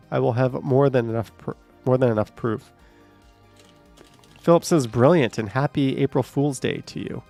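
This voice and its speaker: A man's voice: mid-range voice, normal speed, faint music behind. A man hosting a casual livestream, reading out chat comments with joking, sarcastic asides and a bit short of breath.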